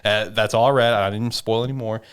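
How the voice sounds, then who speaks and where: A man co-hosting an anime podcast who swears freely and retells scenes in an animated way. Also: fairly low pitch, brisk, clean tone. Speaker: podcast co-host. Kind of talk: casual anime recap chat.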